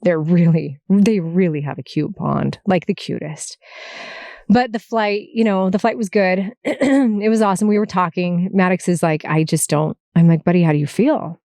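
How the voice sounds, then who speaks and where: A woman's voice: fairly low pitch, normal speed, warm tone, no room sound. Candid mom talking from her car. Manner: candid, chatty, frequent laughs and self-corrections. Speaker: podcast host. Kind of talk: emotional personal monologue. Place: parked car.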